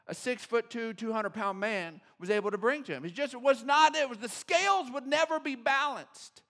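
Male pastor, very high voice, sermon delivery, animated, acts out quotes. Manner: animated, acts out quotes, swings from loud to hushed. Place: church sanctuary.

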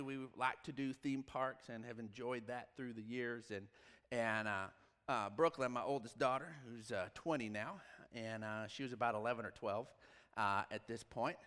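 A man in his forties, a pastor telling a long personal story in a sermon, shifting from lively quoted dialogue to hushed asides. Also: medium pitch, clear, resonant tone. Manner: storytelling, animated with quoted dialogue and sudden drops to quiet. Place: church sanctuary. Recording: long reverb of a large church hall.

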